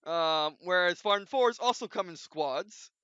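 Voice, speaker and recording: A man's voice: high-pitched, animated, unhurried, sharp tone, clear, resonant tone, dry recording. A man hosting his own video, talking off the cuff in a rambling way, full of restarts and fillers, in a dull lo-fi recording. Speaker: video host. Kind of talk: unscripted casual commentary.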